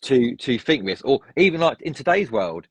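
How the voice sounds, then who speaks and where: A man's voice: mid-range voice, very animated, normal speed, slightly rough, no echo, poor audio. A man chatting as a podcast guest, opinionated and rambling with frequent restarts. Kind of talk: casual chat.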